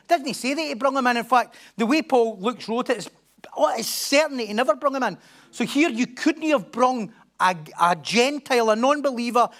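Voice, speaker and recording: A man preaching a sermon as pastor, animated, acting out crowd voices and swinging from loud declarations to hushed asides. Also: high-pitched. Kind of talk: expository sermon.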